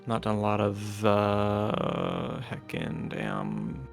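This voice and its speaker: A man with a slightly low, gravelly voice talks loosely to his stream audience over a voice chat mic. He rambles, leaning on fillers as he goes, with faint music playing underneath. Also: extremely slow. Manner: relaxed, rambling, lots of uh fillers. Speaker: tabletop game player and stream co-host. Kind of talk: casual chat to stream viewers. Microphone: voice chat microphone.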